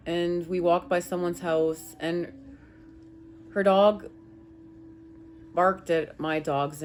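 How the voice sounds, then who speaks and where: An emphatic, rambling woman reader speaking to her viewers in a casual spiritual chat. Her voice sits low, with faint noise behind it. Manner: emphatic, rambling, animated with swearing.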